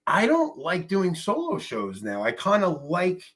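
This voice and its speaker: A man with a New York accent, a guest in casual conversation, animated and self-deprecating. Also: high-pitched, a little slow. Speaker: podcast guest.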